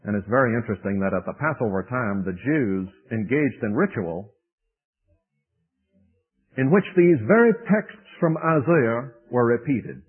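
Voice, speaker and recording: A man preaching a sermon lecture, swinging between loud emphasis and hushed tones, with a husky voice. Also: mid-range voice. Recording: tinny phone-like old radio recording.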